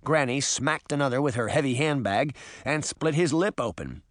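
A man reading a children's adventure novel aloud with expressive, varied narration. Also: mid-range voice, normal speed, no echo, clean studio sound. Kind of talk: audiobook narration.

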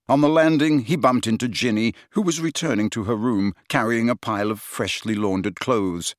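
Lively male audiobook narrator. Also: fairly low pitch, no echo, clean studio sound. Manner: expressive reading, many character voices. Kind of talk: scripted narration.

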